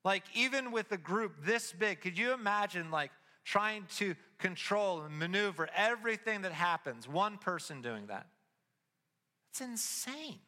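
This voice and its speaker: A man giving a casual, animated sermon as pastor, telling stories with his voice rising as he gets excited. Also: sits high, a little slow, long reverb tail.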